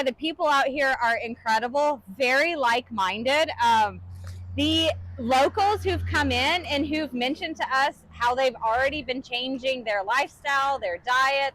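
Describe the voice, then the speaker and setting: A high-pitched woman keeps a cheerful, chatty flow as she co-hosts a live cooking stream. She talks casually to viewers and reads their comments aloud. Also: a bit bright, low-quality recording. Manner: chatty, upbeat, often laughing and reading viewer comments.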